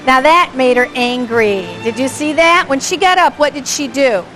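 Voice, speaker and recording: A high-pitched woman talks a class through dog-play footage in a chatty, engaged way. She keeps asking her listeners whether they caught each moment and chuckles often. Music plays clearly behind her. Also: moderate pace, a bit bright, low-quality recording. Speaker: dog behavior instructor. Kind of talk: live commentary on home video for a class.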